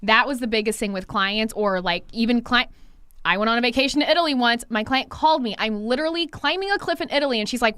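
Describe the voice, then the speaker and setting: A woman's voice: a little high, fast, a bit bright, clear, resonant tone, no echo, studio quality. Candid, swearing woman stylist. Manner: candid, swears freely, acts out past conversations. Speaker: hair stylist and coach. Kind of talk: casual podcast conversation.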